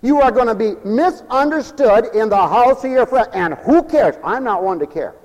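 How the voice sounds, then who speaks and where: A man with a high voice preaches an emphatic, folksy sermon. He tells stories and calls for amens. His voice rings out with a long reverb, as in a large hall. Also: animated, normal speed, a little mellow, lo-fi sound.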